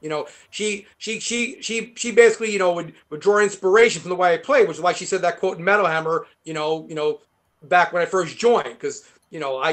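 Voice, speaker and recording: A man with a heavy New York accent, a guest guitarist rambling through animated stories in a casual interview. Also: fairly high pitch. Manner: rambling, animated storytelling with many fillers.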